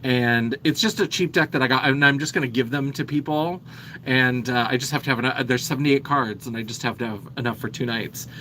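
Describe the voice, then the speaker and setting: A man hosting a relaxed livestream, chatting in a rambling, self-deprecating way. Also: mid-range voice, brisk, slight background noise. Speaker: livestream host. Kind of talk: casual livestream chat.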